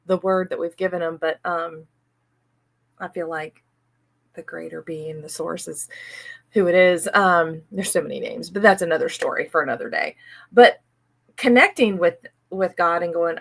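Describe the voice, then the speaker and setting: A middle-aged woman talks to her viewers in a chatty, personal way. She is animated and playful, and she acts out her own panicked inner voice now and then. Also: mid-range voice. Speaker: host. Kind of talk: casual personal talk on money mindset.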